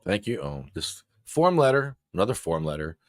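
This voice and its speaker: Animated man chatting to his viewers. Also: sits low, normal speed, no echo, studio quality. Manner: animated, talks back to what he reads. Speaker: show host. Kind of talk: casual livestream commentary.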